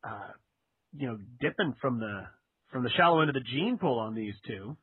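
A man's voice: mid-range voice, expressive, moderate pace, husky, no echo. A man co-hosting a casual chat, rambling and laughing, with lots of fillers. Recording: tinny phone-like sound.

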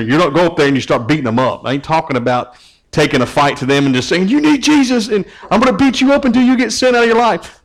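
A man's voice: medium pitch, low-quality recording. A man preaching a casual, conversational sermon as a youth pastor. He often repeats words as he starts his phrases.

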